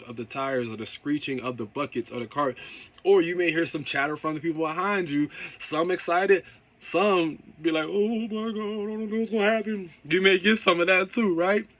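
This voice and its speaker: Casual motivational man, slightly high voice. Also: a bit bright. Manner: casual, checks in with "okay?" and "right?". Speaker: car detailing business owner. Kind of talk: motivational talk.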